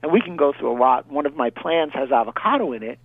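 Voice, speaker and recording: A man's voice: mid-range voice, animated, no room sound. A man with a New York accent, a chiropractor guest answering questions on a radio show in a confident, emphatic way. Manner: emphatic, confident, quick with punchy health rules. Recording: tinny dry phone line.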